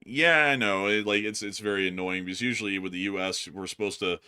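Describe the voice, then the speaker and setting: A man's voice: lowish voice, a little fast, bright, forceful tone, smooth. A man co-hosting a casual news commentary livestream, blunt and exasperated. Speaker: co-host.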